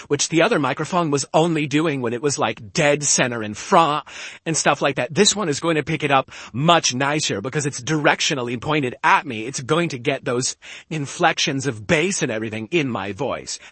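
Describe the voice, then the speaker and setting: A man's voice: mid-range voice, animated, moderate pace, a bit bright, no room sound. A man streaming from home, talking casually and emphatically into a close-up podcast microphone, often pushing his point with "okay?". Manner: emphatic, argumentative, keeps asking "okay?". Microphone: studio podcast mic close up.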